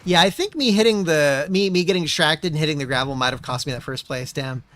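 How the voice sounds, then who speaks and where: A man's voice: fairly high pitch, quick pace, fairly bright tone, faint music behind. A man streaming a racing game, muttering to himself and swearing often as he chats. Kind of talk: casual gameplay commentary.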